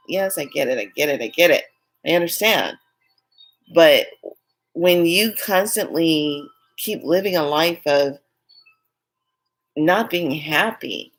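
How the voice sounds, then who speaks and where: A woman telling a personal story in a candid, rambling, emphatic way. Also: low-pitched. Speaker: spiritual vlogger.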